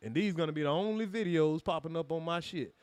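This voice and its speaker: Speaking quickly in a slightly high, clear and resonant voice, this reaction-channel host rants to his live chat on a dry recording. He swears a lot, asks rhetorical questions, and singles out individual chatters.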